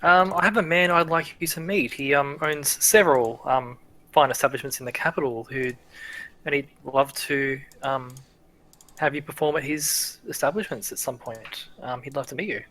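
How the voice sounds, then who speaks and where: A man's voice: medium pitch, moderate pace, bright, forceful tone, natural voice. A man voicing an eager, courteous male go-between.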